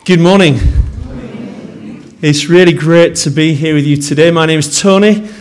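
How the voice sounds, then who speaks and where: A man's voice: on the high side, moderate pace. A man with a Yorkshire accent, a pastor speaking to a congregation in a sermon, friendly and self-deprecating with some hesitations.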